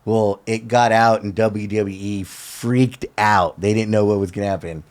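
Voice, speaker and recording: A man's voice: fairly low pitch, a little slow. A man guest on a talk show, telling a story casually and acting out what the other people said in a loose, slangy way. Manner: lively storyteller who acts out other people's lines. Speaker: podcast guest.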